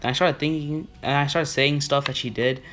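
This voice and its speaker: A man's voice: a little high, steady tone, brisk, fairly bright tone, a little hiss or hum. Rambling guy telling a school story. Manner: rambling, full of fillers and restarts. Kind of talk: casual storytime vlog.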